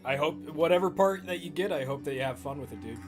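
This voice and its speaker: A man's voice: a little high, fast, over music. A man chatting laid-back on a live stream, often giggling. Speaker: artist and co-host. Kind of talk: casual stream chat.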